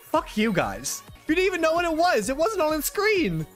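A young man commentating a game on a live stream, excitable, swearing, laughing and shouting at what happens. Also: extremely high pitch, moderate pace, faint music behind.

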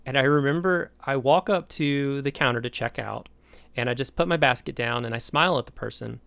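An American man giving a recorded lecture, telling a story from his own life in an animated way. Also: mid-range voice, brisk, gravelly, smooth, dry recording. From United States. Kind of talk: recorded lecture with a personal anecdote.

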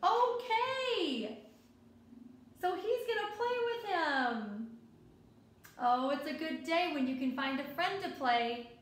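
A woman reading a children's picture book aloud, gently expressive and asking her young listeners questions along the way. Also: high voice, a little slow. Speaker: children's story reader. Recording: echoey room.

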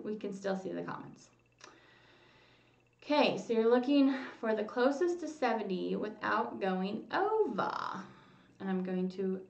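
Chatty and relaxed, this livestream host reads viewers' comments aloud and hums while waiting. Her voice is a little high and gravelly, picked up by a distant mic. The lo-fi home stream audio sounds roomy.

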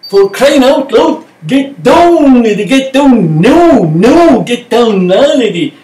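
A man putting on a big red-bearded Scottish male fire instructor who is furious and shouting the same order again and again. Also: extremely high pitch, big pitch swings, slow, pitched above the performer's own voice, heavily acted. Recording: echoey room, distant mic, faint noise.

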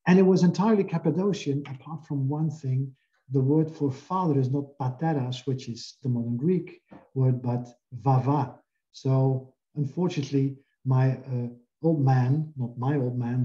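A man's voice: medium pitch, mellow, muffled recording. A man giving an academic linguistics lecture, explaining slides step by step. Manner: explanatory, walking through slides. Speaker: linguistics professor.

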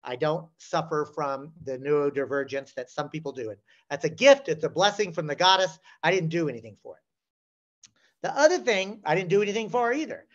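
A man's voice: fairly high pitch, expressive, a little fast, highs cut off. Southern man in his sixties, storytelling. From Southern United States. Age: 60s. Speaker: interview guest. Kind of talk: casual storytelling.

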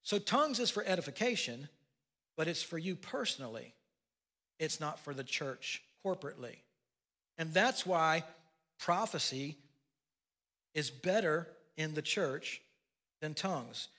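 A man's voice: fairly high pitch, expressive, measured pace, pauses often, sharp tone. An older man preaching a sermon as pastor, telling folksy family stories with asides. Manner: folksy storytelling with laughs and asides.

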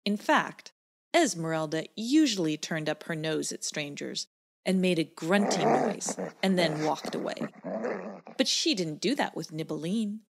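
A woman narrating a children's story in a gentle, expressive storytelling manner. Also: lowish voice, measured pace, gravelly.

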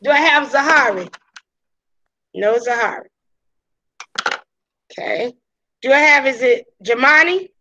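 Brief: woman teacher, high bright voice with a sharp edge, casual Southern US speech, muffled video call audio. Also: animated, unhurried, long pauses. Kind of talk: online class roll call and introduction.

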